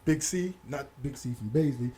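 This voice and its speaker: A middle-aged man, telling stories as an interview guest, animated and quick to act out other people's voices. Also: medium pitch, a little hiss or hum. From Hollis, Queens, New York. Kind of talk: casual storytelling interview.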